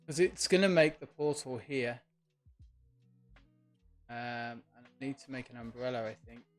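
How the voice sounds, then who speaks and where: With an unhurried, mid-range voice, a man runs a relaxed live gaming stream, thinking out loud and talking back to his audience. Lo-fi music hums faintly in the background.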